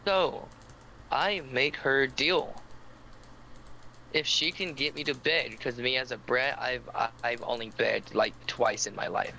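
A man's voice: medium pitch, fairly even intonation, unhurried, gravelly, pushed and bright, slight background noise, low-quality recording. A man co-hosting a podcast, telling a long story in casual chat, rambling with lots of fillers, and stammering when he gets teased. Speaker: podcast co-host.

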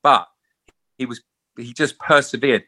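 An actor being interviewed chats casually, animatedly acting out the people and quotes in his stories. His voice is mid-range and his pace measured.

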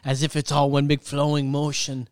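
A man's voice: on the high side, monotone, moderate pace, smooth, no room sound, studio quality. A man co-hosting a casual movie podcast, teasing his partner with mock outrage. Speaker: podcast co-host.

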